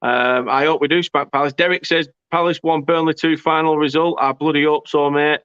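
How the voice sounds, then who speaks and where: A man's voice: fairly high pitch, steady tone, a little fast, a bit bright, clean tone, no room sound. Chatty male fan host, dry lo-fi sound. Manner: chatty, reads out viewer comments, laughs often. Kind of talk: casual match commentary chat.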